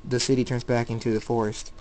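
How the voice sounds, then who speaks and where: A man reading a fan story out loud, one part after another. His voice is plain and average in pitch, and he stumbles and restarts now and then as he goes. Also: level tone, slight background noise, poor audio. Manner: plain, halting narration with restarts.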